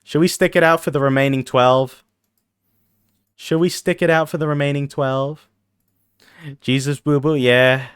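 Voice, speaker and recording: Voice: mid-range voice, steady tone, unhurried, pauses often, clear, resonant tone, no room sound, clean studio sound. A streamer chatting playfully with viewers during a long gaming stream, reading chat aloud and teasing back, sounding tired. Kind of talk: casual live-stream chat while gaming.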